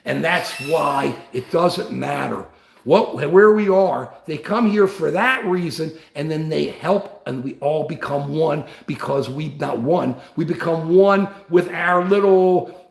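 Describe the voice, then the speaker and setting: An older man talks straight to his live-stream viewers, his voice riding high and swinging widely as he gets worked up. A gravelly edge runs under his words, and the room around him rings with echo. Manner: impassioned, reads and answers viewer comments. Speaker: livestream host. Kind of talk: live-stream political talk.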